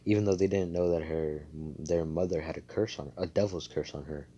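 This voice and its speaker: A man with a very low, dark voice tells a fan story over a voice chat mic. He rambles with many fillers and swears freely, in a loose, offhand way. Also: steady tone, fairly quick, lo-fi sound, slight background noise. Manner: rambling, profane, filler-heavy. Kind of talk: casual fan-fiction storytelling.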